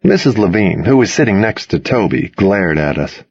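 Narrating a first-person audiobook, a husky, low-voiced man sounds wry and measured yet highly animated, with his pitch shifting a great deal across every sentence. The sound is slightly muffled and very dry, and his voice comes across a little mellow.

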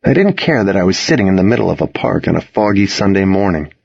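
Husky, lively male storyteller. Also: sits low, fast, no echo, muffled recording. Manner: expressive, voices the other characters in his reading. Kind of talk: dramatic first-person story reading.

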